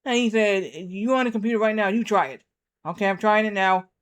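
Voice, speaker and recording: A man's voice: sits high, brisk, fairly bright tone. A man in his thirties streaming a game, telling a rambling story with lots of repeats and acted-out quotes. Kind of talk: casual storytelling while gaming.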